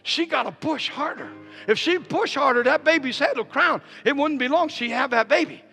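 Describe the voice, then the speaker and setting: A woman's voice: high voice, normal speed, vocal fry, sharp tone, long reverb tail, faint music behind, voice pushed up, full character voice. A man preaching, putting on the voice of a blunt, matter-of-fact elderly woman nurse in a story he tells.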